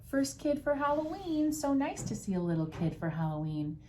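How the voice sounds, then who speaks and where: Woman doing a sweet high-voiced lady. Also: sing-song, normal speed, warm tone, slight background noise, poor audio. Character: sweet friendly lady at a door.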